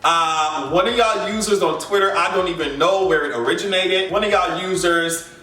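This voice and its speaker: A man's voice: high voice, moderate pace, pushed and bright, roomy sound, far from the mic. Sassy, laughing male gossip vlogger. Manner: sassy, laughs often, exaggerated asides. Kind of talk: casual pop-culture commentary.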